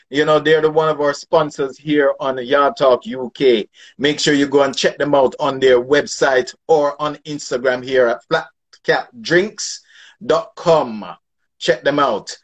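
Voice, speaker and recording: A man hosting a casual interview, giving friendly shout-outs in street slang. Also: fairly high pitch, rough recording. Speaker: interview host.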